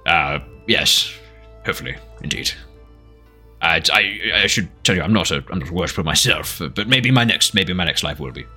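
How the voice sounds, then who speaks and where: A man voicing a calm, polite male adventurer who speaks softly and hesitantly. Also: low-pitched, moderate pace, husky, faint music behind, full character voice. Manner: soft-spoken, hesitant.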